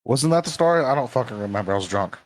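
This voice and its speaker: A man's voice: medium pitch, lively intonation, rapid-fire, no room sound. A man playing a tabletop game, blunt and joking, cursing freely in casual banter. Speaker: player.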